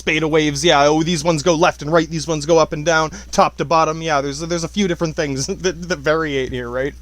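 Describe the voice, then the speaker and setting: A man's voice: a little high, a bit bright, no room sound. A man hosting a casual solo podcast, rambling and swearing, laughing often and restarting his sentences. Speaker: podcast host.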